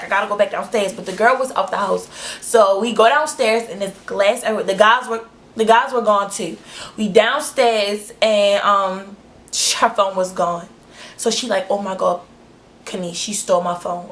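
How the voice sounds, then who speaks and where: A young woman telling a storytime vlog, animated and profane, acting out quotes in high shrieks. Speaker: vlogger.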